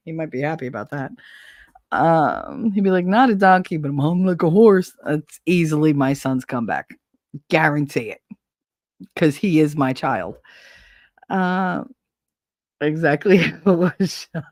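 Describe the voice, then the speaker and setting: A woman's voice: deep voice, sing-song, measured pace, pauses often, dry recording, studio quality. A woman hosting a live stream in casual chat, telling profane stories and laughing often. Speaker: streamer host.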